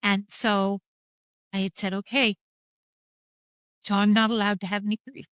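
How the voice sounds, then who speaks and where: Speaking at normal speed in a mid-range voice with little pitch movement, this middle-aged woman guests on a podcast for a candid talk about grief. Her tone is fairly bright and clean with no room sound, and she tells her story in a frank, wry, rambling way full of quoted dialogue.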